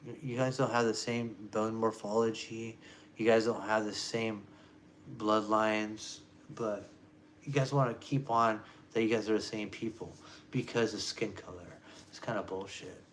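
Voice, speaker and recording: A man ranting in a rambling, low-key, muttering monologue. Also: steady tone, unhurried, a little hiss or hum. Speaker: vlogger.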